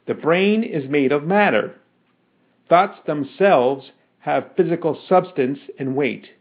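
A man voicing a ticking steam-powered professor. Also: a little high. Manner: ticking mechanically between measured sentences. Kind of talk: audiobook character reading. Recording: dull lo-fi recording.

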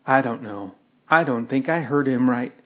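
A man's voice: medium pitch, moderate pace, natural voice. Bold young woman explorer, read by a man, eager and observant; narrow tinny recording. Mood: puzzled. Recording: tinny phone-like audio.

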